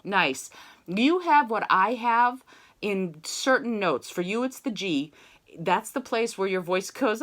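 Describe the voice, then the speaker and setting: A woman with a mezzo voice teaches an online singing lesson, chatty and encouraging. Her tone is bright and ringing, at an ordinary middle pitch. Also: animated, slow pace. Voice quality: mezzo-soprano voice. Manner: chatty and encouraging, sings short demo phrases.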